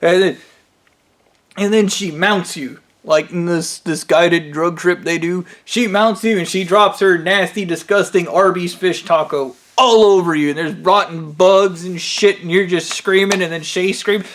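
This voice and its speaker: Male vlogger, slightly high voice; casual, profane, excitable storytelling. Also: unhurried. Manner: profane, excitable, breaks into loud yells.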